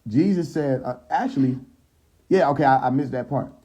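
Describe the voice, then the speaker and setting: Streetwise man with a dark voice. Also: mid-range voice, moderate pace, breathy edge, muffled recording. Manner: streetwise, profane, addresses viewers directly; retells the story with acted quotes and laughs at his own jokes. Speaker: live streamer retelling scripture. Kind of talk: casual live-stream commentary. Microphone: phone mic on a social live stream.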